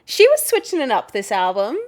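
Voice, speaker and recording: A woman co-hosting a podcast in casual chat, animated, swearing freely and laughing often. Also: fairly high pitch, a little fast. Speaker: podcast co-host.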